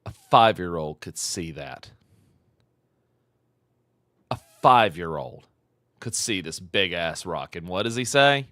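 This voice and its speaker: Mocking, lively-voiced streamer man. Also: sits low, takes it slowly, pauses often, no echo, studio quality. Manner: mocking, profane, repeats phrases for emphasis. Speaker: streamer reacting to a clip. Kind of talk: live reaction commentary.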